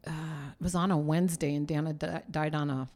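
Chatty middle-aged woman, lowish voice. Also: fairly even intonation, fast talker, a little mellow. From southern California. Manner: chatty storyteller, laughs often. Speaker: guest, host's mother. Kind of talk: casual chat.

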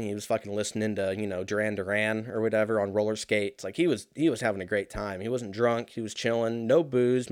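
A man in his early thirties telling a rambling, profane story in a casual, animated way, full of fillers. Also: mid-range voice, no room sound, studio quality. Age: 30s.

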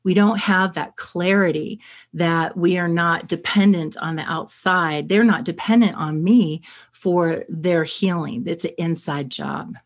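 A woman therapist explaining ideas in conversation, steady and clear, acting out quick examples. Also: fairly low pitch.

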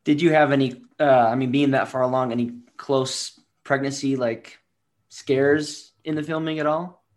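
A man's voice: medium pitch, fairly even intonation, moderate pace. A man co-hosting a casual interview, asking the guest friendly questions. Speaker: co-host.

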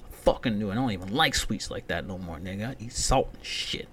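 Profane ranting man, lowish voice. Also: animated, brisk, a little hiss or hum. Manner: profane, swings from loud outbursts to muttered asides. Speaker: podcast host. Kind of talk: solo comedic rant.

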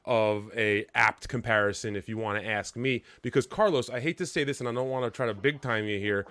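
A man's voice: on the low side, fairly quick, fairly bright tone, no echo, studio quality. A man co-hosting a podcast in casual, rambling banter, swearing freely and laughing often. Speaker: podcast co-host.

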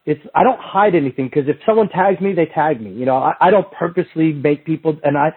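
Over a thin, phone-like line, a middle-aged podcast guest talks fast with lively intonation. His voice is a little high and husky; he rambles through anecdotes in casual chat, restarts frequently, and mimics other people's voices for quotes.

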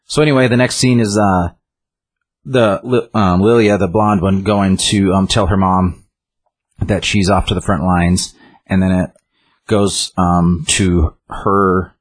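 A man's voice: low voice, steady tone, unhurried, slightly rough. A man casually retelling a book's story in a rambling way, with many restarts and fillers. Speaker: book reviewer.

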